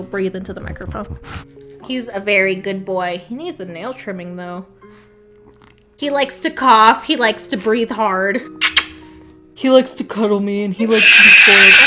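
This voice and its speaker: A woman's voice: mid-range voice, normal speed, pushed and bright, soft background music. A young woman telling a casual story-time vlog, chatty and swearing a lot. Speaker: vlogger.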